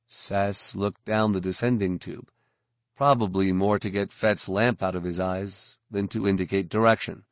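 A man reading a science fiction novel aloud, with measured, steady storytelling. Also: lowish voice, no echo, clean studio sound. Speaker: audiobook narrator. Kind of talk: scripted narration.

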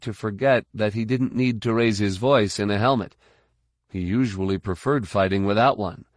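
A man narrating an action novel in a steady, measured reading on a close mic. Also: fairly low pitch, no echo. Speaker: audiobook narrator. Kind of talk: scripted narration.

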